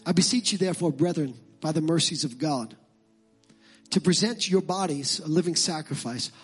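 A man preaching a sermon as pastor, swinging from impassioned shouted calls to relaxed conversational asides. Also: on the high side, slightly rough.

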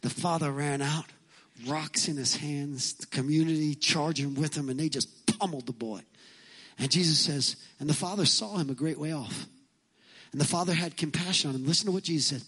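A male pastor gives an emphatic sermon and drives each point home by repeating it. His voice sits high for a man and sounds bright and forceful. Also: fairly quick, husky, rough recording. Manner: emphatic, repetitive storytelling preacher.

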